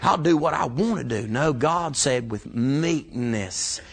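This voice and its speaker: A man preaching a sermon, building from calm scripture reading to shouted climaxes. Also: medium pitch, takes it slowly, gravelly. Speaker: pastor.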